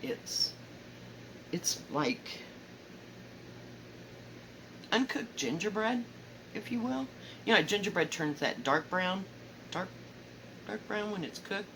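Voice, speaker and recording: A woman with a Southern accent, chatting casually about her stitching at home, rambling, correcting herself and often trailing off softly. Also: mid-range voice, lively intonation, slow, pauses often, noisy background. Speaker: cross-stitch vlogger. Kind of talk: casual show-and-tell chat. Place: home, indoors.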